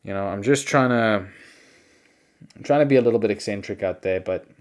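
A man's voice: on the low side, fairly quick. A man hosting a solo podcast, rambling through incredulous rants with self-deprecating asides. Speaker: podcast host.

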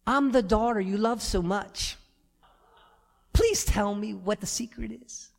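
A man's voice: high-pitched, unhurried, vocal fry, big-room sound, full character voice. A man putting on the voice of a little girl sweetly coaxing and pleading with her father. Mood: wheedling. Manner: wheedling, pleading.

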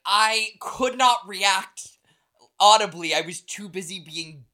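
A man hosts a comedy podcast in a bright, forward voice. He talks fast and playfully, with a theatrical flair, leaning into the bits. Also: sits high. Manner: quick, playful, theatrical delivery. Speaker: podcast host. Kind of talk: casual comedic chat.

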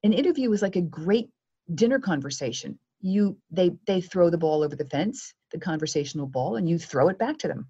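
Husky, low-voiced woman giving media advice. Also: brisk, muffled recording. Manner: lively, acts out quoted exchanges. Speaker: media coach guest. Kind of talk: podcast interview advice.

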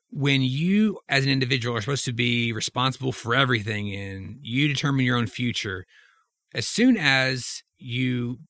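A man with a middle-pitched voice steers a casual conversation, asking the others for their thoughts. The sound is dry and close. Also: sharp tone, no echo. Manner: conversational, asks the group questions. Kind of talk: casual discussion.

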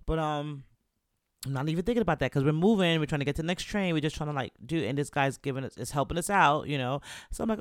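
A man's voice: a little high, fairly quick, no room sound, studio quality. A young American man who raps, telling a travel story casually and animatedly, with lots of filler words. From United States. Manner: animated, chatty, full of "like" and "you know".

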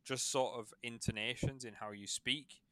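A man hosting a podcast and acting as game master, in a relaxed and rambling casual chat with many fillers. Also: mid-range voice, moderate pace, dry recording.

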